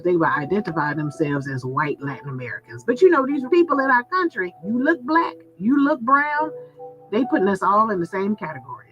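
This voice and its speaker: Woman vlogger, sassy and candid, lively swooping pitch, muffled lo-fi sound, loud music behind. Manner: sassy, laughing, talks straight to viewers. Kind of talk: candid venting monologue. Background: background music.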